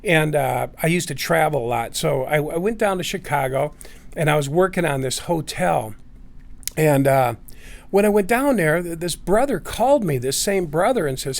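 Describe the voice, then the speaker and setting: A middle-aged man, his voice sitting slightly high, telling a personal story in a loose, casual way. He rambles, circles back and restarts his sentences, filling the gaps with "you know" and "uh". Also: lively intonation, normal speed, creaky. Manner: rambling, many fillers and restarts.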